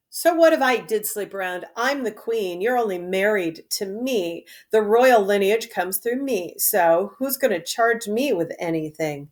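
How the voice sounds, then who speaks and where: A woman's voice: medium pitch, expressive, a little slow, few pauses. A woman reading a play aloud and adding wry, casual asides. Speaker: reader. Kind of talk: casual commentary between readings.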